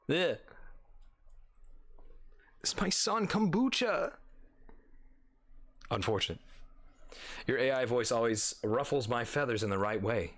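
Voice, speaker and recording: Goofy, lively gaming guy. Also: medium pitch. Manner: goofy, swearing, laughing, restless. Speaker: gaming video host. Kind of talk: casual gameplay commentary.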